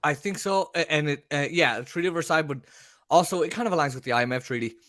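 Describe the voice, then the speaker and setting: A man hosting a casual talk show, rambling and animated as he argues his point. His voice sits a bit high for a man. The sound is dry and close, with no room around it. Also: quick pace, no echo. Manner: animated, rambling, mimics voices mid-rant. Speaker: podcast host.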